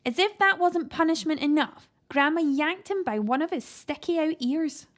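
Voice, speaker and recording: A woman reading a children's book aloud with animated, expressive storytelling. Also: high-pitched, moderate pace. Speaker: reader.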